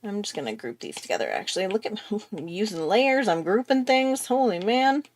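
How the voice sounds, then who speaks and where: A woman hosting a relaxed live drawing lesson, talking her viewers through each step. She rambles in a chatty way, thinking aloud and trailing off as she draws. Her pitch sits in an ordinary middle range. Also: moderate pace. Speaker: art tutorial host. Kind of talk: casual live drawing tutorial.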